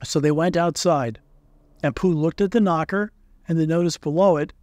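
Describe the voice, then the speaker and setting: An audiobook reader, a man with a slightly high voice, narrates a children's storybook calmly and in a measured way. The recording is close and dry with no room sound.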